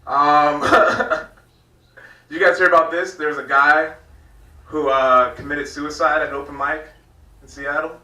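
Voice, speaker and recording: Bright-voiced man on a comedy stage, slow. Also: on the high side, fairly even intonation. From Virginia, United States. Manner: loose, rambling delivery with frequent laughs at his own jokes. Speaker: stand-up comedian. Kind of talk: stand-up comedy set. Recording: echoey club room from far off.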